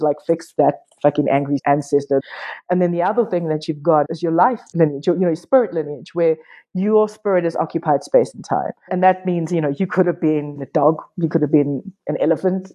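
A woman artist, a podcast guest, telling stories frankly and casually, swearing and quoting others in lively voices. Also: deep voice, muffled recording. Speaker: artist and workshop teacher, guest. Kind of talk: candid conversational storytelling.

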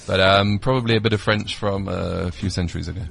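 Easygoing British man, low voice. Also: steady tone, fast talker, creaky, fairly bright tone. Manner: easygoing, hesitant with frequent ums. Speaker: guest, resort company representative. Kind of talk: casual chat.

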